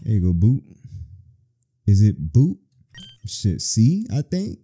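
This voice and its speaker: A man's voice: on the low side, very animated, slow pace, warm tone, slightly rough, faint music behind. A man playing a horror game on video, reacting with crude, profane jokes. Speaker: gaming video host. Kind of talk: let's play commentary.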